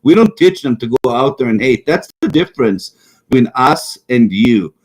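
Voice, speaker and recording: A middle-aged man talking loosely on a political chat show. He rambles from thought to thought, mocks his opponents and doubles back on his own words. His voice sits at an ordinary pitch. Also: very animated, normal speed, a little mellow, slightly rough, rough recording. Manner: rambling, mocking, repeats himself. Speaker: talk show co-host.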